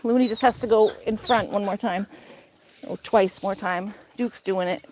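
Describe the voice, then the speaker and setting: A woman vlogging outdoors in a back yard, chatting casually and coaxing and scolding excited dogs on a handheld phone. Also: mid-range voice, normal speed, low-quality recording. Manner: coaxing, scolding playful dog talk. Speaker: vlogger dogsitting. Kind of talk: casual chat and talking to dogs. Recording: loud outdoor background noise.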